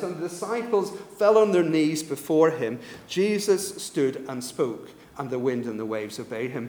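A man preaching a sermon, retelling stories with animated delivery and frequent restarts. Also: fairly high pitch. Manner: animated storytelling, repeats and restarts words. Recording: echoey hall, reverb.

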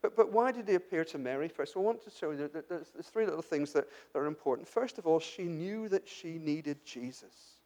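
High-voiced man preaching a conversational sermon. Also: expressive, a little fast, hardly any pauses, darkish tone. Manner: conversational, with frequent restarts and rhetorical questions; addresses the congregation directly. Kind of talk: sermon, Bible exposition.

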